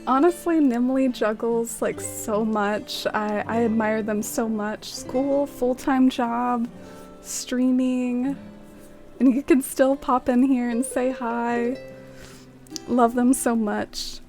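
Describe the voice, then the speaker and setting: A woman's voice: a little high, fairly even intonation, slow pace, a little mellow, soft background music. A woman streaming a game, chatting casually, greeting viewers by name and using lots of "like". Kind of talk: casual live-stream chat.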